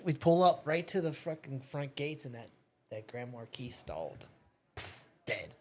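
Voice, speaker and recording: A man's voice: medium pitch, a little slow, slight background noise. A man hosting a casual chat at home, telling a story with lots of swearing and laughter. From Pittsburgh, USA. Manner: profane, animated storyteller, laughs often. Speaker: podcast host. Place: childhood home.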